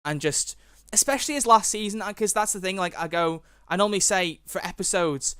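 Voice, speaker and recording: Young man, podcast guest, rapid and excitable, smooth clear voice, dry sound. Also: high voice, no echo. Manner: excitable, rambling with many restarts. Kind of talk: casual chat.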